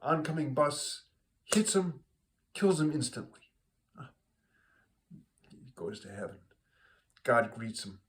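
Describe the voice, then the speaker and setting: An easygoing man tells a long shaggy-dog joke at an unhurried pace. His delivery is loose and rambling, with plenty of fillers and restarts. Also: medium pitch, very animated, noisy background. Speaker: joke teller. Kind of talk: told joke, casual storytelling.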